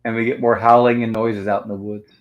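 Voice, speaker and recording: A man's voice: on the low side, flat delivery, fast, lo-fi sound. Man recapping a movie scene by scene. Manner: narrates scenes step by step, reading out dialogue. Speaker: host of a movie review livestream.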